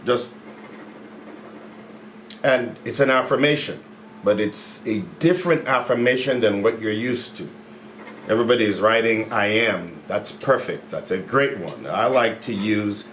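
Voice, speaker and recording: A man talking to camera as a mindset coach in a casual, upbeat way, repeating his phrases and stretching key words slowly. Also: fairly low pitch. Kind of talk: casual motivational talk to camera. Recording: echoey room with faint background noise.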